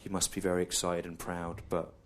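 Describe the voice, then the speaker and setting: A low-pitched English man tells a story on stage in a dry, deadpan way, lingering on repeated lines and pauses. Loud audience laughter rolls in over the live recording. He sounds like a man in his forties working a comedy room. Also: very noisy. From England. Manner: deadpan, slow and repetitive, with long pauses. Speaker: stand-up comedian. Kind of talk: stand-up storytelling.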